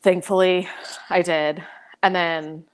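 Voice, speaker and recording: A young American woman in casual interview chat, talking fast with many "like" fillers and frequent laughs. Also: lowish voice, little pitch movement. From United States. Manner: chatty, lots of "like" fillers, laughs often. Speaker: podcast guest, pro soccer player.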